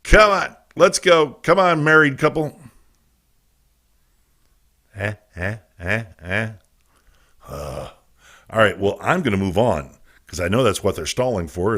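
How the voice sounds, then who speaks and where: A man hosting a live casual show, loudly teasing and coaxing his chat room, with crude self-mocking asides. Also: mid-range voice. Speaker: podcast host. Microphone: desk mic, reading chat on a phone.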